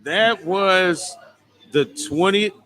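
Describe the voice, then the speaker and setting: A man's voice: high-pitched, extremely slow, sharp tone. A man co-hosting a live sports talk show from a tavern, bantering and laughing often. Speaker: co-host.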